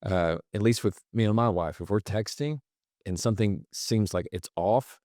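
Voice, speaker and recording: A man with a fairly low voice talks as a podcast guest, walking through everyday examples and slipping into the voices of people he quotes. He is close to the mic in a dry, dead-sounding room. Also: moderate pace, mellow, dry recording. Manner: explains with examples, acts out quoted lines. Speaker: podcast guest, communication expert. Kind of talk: conversational explanation.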